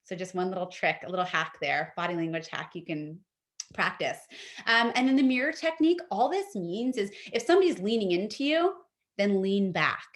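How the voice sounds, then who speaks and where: A woman teaching an etiquette workshop, giving lively, practical advice with quick fillers, speaking into a video call mic. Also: medium pitch. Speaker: etiquette instructor. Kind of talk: workshop presentation.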